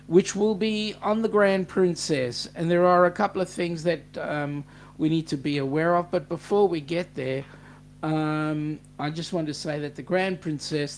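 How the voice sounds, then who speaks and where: A man's voice: fairly high pitch, a little hiss or hum. An Australian man hosting a casual live-stream chat, reading out viewer comments and greeting each by name. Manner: chatty, reads viewer comments aloud with g'days. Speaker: host.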